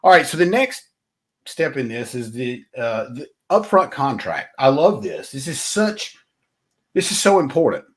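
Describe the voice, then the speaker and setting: In his solo sales-talk podcast, a man with a mid-range, very animated voice gives blunt, conversational coaching at a measured pace. He addresses the listener directly and frequently checks in with "right?".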